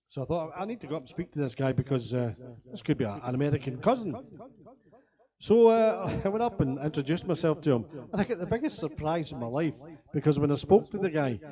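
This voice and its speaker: Chatty Scottish man with a higher voice. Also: warm tone. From Scotland. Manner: chatty, rambling, laughs between stories. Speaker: singer streaming to friends. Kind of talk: casual chat between songs. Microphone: webcam stream.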